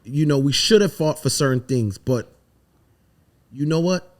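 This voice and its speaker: A man from the Virgin Islands, a songwriter telling animated, emphatic stories and swearing freely in a casual podcast interview. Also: a little high, unhurried. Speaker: songwriter guest.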